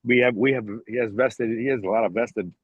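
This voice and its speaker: A man's voice: medium pitch, a little fast, slightly rough, no echo, narrow, tinny audio. A man in a casual podcast chat, telling a rambling, profane story and acting out what others said to him. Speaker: podcast guest.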